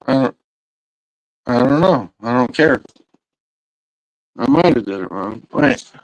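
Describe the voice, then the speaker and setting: Slow-talking crude man, casual vlog. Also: medium pitch, expressive, no room sound, dull audio. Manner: loose, crude, talks to himself and his cat. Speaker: vlogger. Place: outdoors in the rain and at home.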